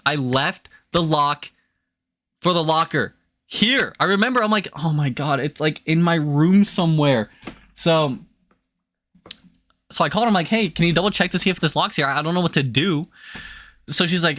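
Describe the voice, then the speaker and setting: A young man chatting casually on a livestream, rambling and excitable with many restarts. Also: on the high side, a little fast, no echo. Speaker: streamer.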